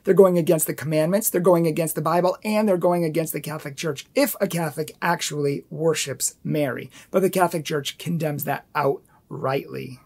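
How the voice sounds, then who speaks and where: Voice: medium pitch, steady tone, moderate pace, hardly any pauses, a little mellow, husky. A Catholic apologetics host rebutting a book in an emphatic commentary video, repeating points for stress and challenging viewers directly.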